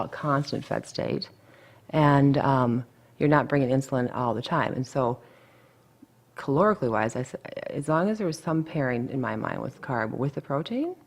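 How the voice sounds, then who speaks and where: Creaky-voiced woman dietitian, chatty. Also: a bass voice. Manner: blunt, chatty, full of asides. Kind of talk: casual interview.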